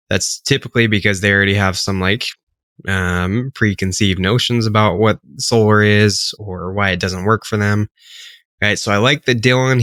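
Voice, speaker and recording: Low-voiced man coaching sales, dry sound. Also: no room sound. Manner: relaxed, filler-heavy, explains step by step. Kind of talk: casual coaching commentary.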